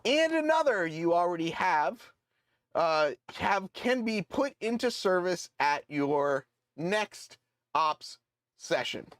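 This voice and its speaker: A man's voice: high voice, very animated, slow, fairly bright tone, dry recording, clean studio sound. A man casually chatting on a live stream, reading a letter aloud with lots of fillers and self-deprecating asides. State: voice cracking. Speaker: model railroad streamer.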